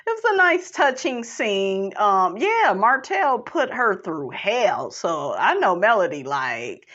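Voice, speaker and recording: A woman's voice: medium pitch, very animated, takes it slowly, few pauses, a bit bright, dull audio. A woman casually recapping a reality TV episode, sassy and chatty, laughing often and calling people honey.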